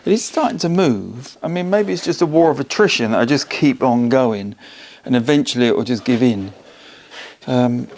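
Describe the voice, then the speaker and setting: A man's voice: mid-range voice, animated, moderate pace, a little mellow, a little hiss or hum. A man in his home garage, talking to himself and the camera in a casual, self-mocking way while he works. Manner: muttering to himself, wry and self-mocking, straining. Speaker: car restoration vlogger.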